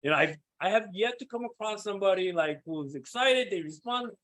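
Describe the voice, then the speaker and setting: A man with a fairly high voice runs a sales coaching session. He talks energetically, keeps asking his listeners whether they follow, and acts out sample phone calls. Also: animated, fairly quick, a bit bright. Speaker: sales team trainer.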